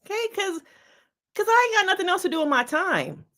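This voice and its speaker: A woman's voice: very high voice, big pitch swings, a little fast, pushed and bright. A woman, a licensed therapist, giving casual reaction commentary on a reality show, talking straight to her viewers in a chatty, slangy, playful way.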